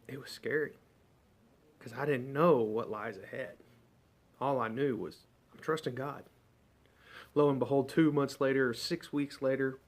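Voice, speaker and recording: Casting: man, easygoing devotional host, storytelling delivery. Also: medium pitch. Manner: conversational storytelling, folksy. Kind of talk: short devotional talk.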